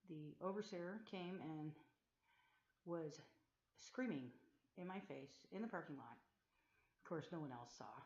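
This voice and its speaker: Woman, low voice, earnest personal testimony, halting with fillers; dull, echoey laptop-mic recording. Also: darkish tone. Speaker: former Jehovah's Witness telling her story. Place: room in a group home. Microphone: built-in mic of a loaner PC.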